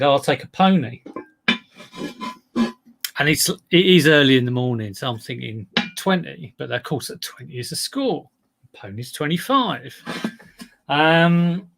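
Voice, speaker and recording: A man talks through his latest finds in a loose live-stream chat. His voice has a gravelly, creaky edge at a middling pitch. He rambles, wanders off topic and pokes fun at himself. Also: fairly bright tone, a little hiss or hum. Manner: chatty, rambling, self-deprecating.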